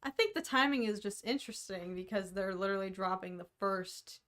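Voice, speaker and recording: A woman co-hosting a relaxed livestream conversation, talking at length in a casual, self-deprecating way. She keeps qualifying her guesses and her voice sits at an ordinary middle pitch. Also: brisk. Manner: chatty, self-deprecating, hedges often. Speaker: co-host of a fan podcast livestream. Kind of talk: casual chat.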